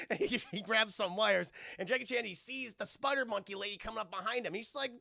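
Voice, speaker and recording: A man recaps a film live for his chat, animated and profane, with a high, gravelly voice full of fry. His tone is bright and forceful, and the sound is dry and close with no room echo. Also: quick pace, few pauses. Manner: animated and profane, acting out characters' lines with shrill squeals; talks straight to his chat, thanking viewers. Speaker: streamer reviewing a film.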